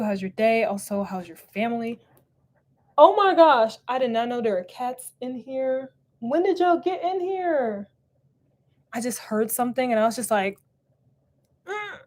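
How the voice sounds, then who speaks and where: A young woman with a slightly high voice chats bubbly and casually through a crochet livestream. She greets viewers one by one, laughs often, and talks into a desk mic at home. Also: darkish tone. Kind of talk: casual live-stream chat reading comments.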